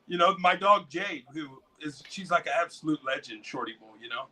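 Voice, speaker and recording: An excitable American man tells his stories in a loose, rambling way and swears freely. His voice is bright and carries a forceful edge. It sits a little high for a man. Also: a little fast, few pauses, far from the mic, rough recording. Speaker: interview guest, dog breeder. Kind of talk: casual storytelling.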